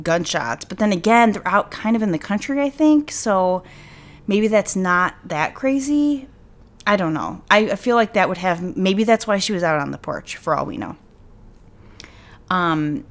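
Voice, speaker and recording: A woman with a somewhat low voice talks through a true crime case at home. She rambles and speculates as she goes, peppering her talk with "like" in a loose, unscripted way. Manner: rambling and speculative, thinking aloud with many "like"s. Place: at home with her dog nearby.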